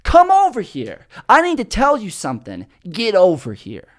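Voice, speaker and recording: A man's voice: sits high, huge pitch swings, moderate pace. Mumbly insistent stranger guy, a dude acting him out mid-story. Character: mumbling scruffy grown man, insistent.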